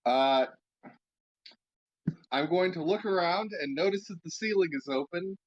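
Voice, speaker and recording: A man's voice: high voice, unhurried. Man at a game table, dull lo-fi sound. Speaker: player. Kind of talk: casual chat at a tabletop game.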